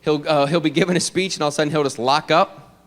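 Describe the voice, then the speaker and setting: A man performing an animated stand-up comedy routine, jumping into many character voices. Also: fairly high pitch, quick pace.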